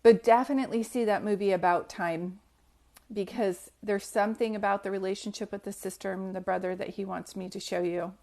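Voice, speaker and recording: A woman giving a casual live reading as a medium, her voice sitting in a comfortable middle range. She speaks gently and reassuringly, pausing often and filling the gaps with soft ums. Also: medium pitch, steady tone. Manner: gentle, reassuring, hesitant with many fillers. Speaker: psychic medium on a livestream.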